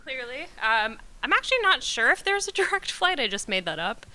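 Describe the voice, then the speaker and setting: A woman's voice: high voice, sing-song, fairly quick, a crowd in the background. A young woman from Curaçao giving a casual, self-deprecating slide talk, chatty and full of ums and asides. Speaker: presenter at a company talk.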